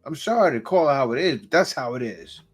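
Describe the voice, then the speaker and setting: A man's voice: mid-range voice, expressive, fast, husky. A man hosting a reaction video, giving blunt, joking commentary and laughing often. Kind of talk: casual commentary.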